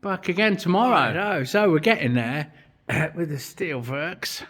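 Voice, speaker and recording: A man's voice: fairly high pitch, lively intonation, unhurried, fairly bright tone. A man, chatting bluntly and swearing a lot as he explains his metalwork in a vlog. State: out of breath at times. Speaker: vlogger and metal fabricator. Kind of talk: casual workshop vlog narration.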